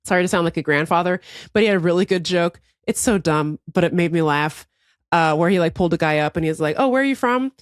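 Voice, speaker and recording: A woman's voice: fairly low pitch, fast talker, no room sound, studio quality. A woman co-hosting a casual comedy podcast, telling a story with lots of laughs and acted-out quotes. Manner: animated storytelling, laughs often; swears casually, acts out quotes. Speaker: podcast co-host.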